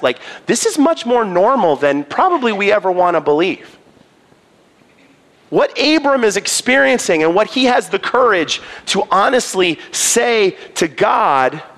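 A man preaching a sermon, reading scripture dramatically, moving between loud pleas and hushed low passages. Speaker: pastor.

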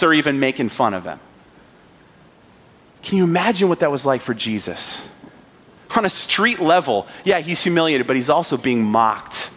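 A man's voice: mid-range voice, a bit bright. A man preaching a sermon, reading scripture and acting out the mocking crowd with dramatic emphasis. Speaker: pastor.

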